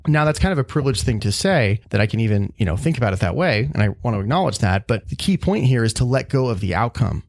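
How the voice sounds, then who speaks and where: Low-ish gravelly guy musing on his podcast, earnest, dry close sound. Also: very animated, fast talker, few pauses, darkish tone, dry recording. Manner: thoughtful, earnest, self-reflective. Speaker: podcast host. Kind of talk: reflective solo podcast monologue.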